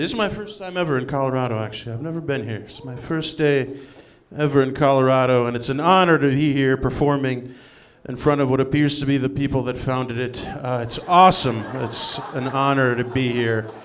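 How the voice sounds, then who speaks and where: A man's voice: medium pitch, fairly quick, hardly any pauses. A man doing a stand-up comedy set with a wry, sardonic delivery. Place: comedy stage before a live audience.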